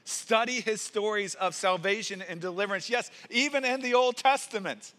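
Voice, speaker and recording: A pastor delivers a sermon at normal speed with earnest conviction, his voice high for a man and bright and forward in tone. He builds rising emphasis and often repeats words to drive his points home.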